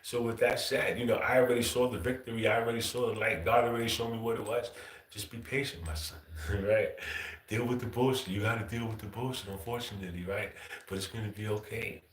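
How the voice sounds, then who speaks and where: A man's voice: on the low side, steady tone, fast talker, echoey room. A man hosting his own livestream, talking in a loose, profane, casual monologue. He says "bro" constantly and chuckles often. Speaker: livestream host.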